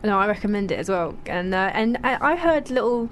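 A woman's voice: medium pitch, expressive, a little fast, slight background noise. A woman co-hosting a radio show in a studio, chatty and cheeky, laughing easily. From London. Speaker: radio co-host. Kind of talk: casual radio banter.

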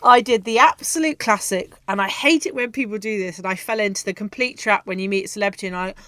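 A woman co-hosts a sports show in an upbeat, chatty way, peppering her talk with ums and quick laughs. Her voice sits at an ordinary middle pitch. It is recorded close and dry, with no room echo. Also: sharp tone. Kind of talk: casual sports chat and news roundup.

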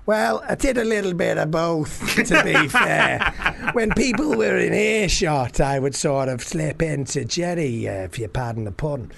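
A man's voice: fairly high pitch, moderate pace, gravelly, hardly any pauses, crowd noise. A man co-hosting a comedy podcast, telling stories in a casual chat, laughing often and swearing freely. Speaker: podcast co-host.

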